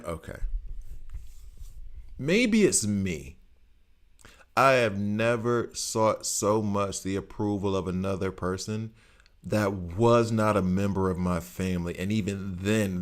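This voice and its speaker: A man's voice: lowish voice, a little slow. A middle-aged man streaming a game, rambling through opinions and laughing often in casual chat. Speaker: gaming streamer.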